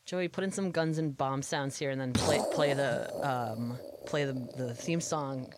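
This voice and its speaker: A woman's voice: very deep voice, unhurried, very noisy. A woman co-hosting a podcast in casual chat, laughing often and packing her talk with filler words and swearing. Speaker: podcast co-host.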